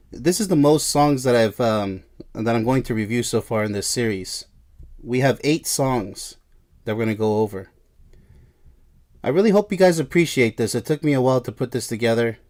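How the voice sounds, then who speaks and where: A man's voice: medium pitch, darkish tone. A man hosting a song review show, talking in a casual, rambling video monologue full of asides about himself.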